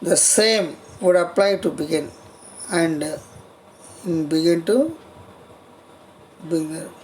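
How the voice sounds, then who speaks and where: A college lecturer giving a grammar lesson on spelling rules, speaking haltingly, restarting phrases and spelling words out letter by letter. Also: medium pitch, slight background noise.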